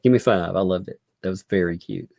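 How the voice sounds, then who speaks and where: Livestream host, male, gravelly and very deep, laughs a lot between phrases. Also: fairly quick, a little mellow, no echo, clean studio sound. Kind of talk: casual live commentary. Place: home.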